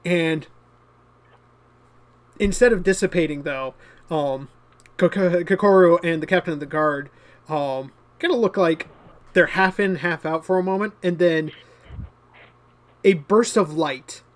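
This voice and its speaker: High-voiced, slow game master man. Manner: hesitant, many fillers. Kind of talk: narrating a tabletop game.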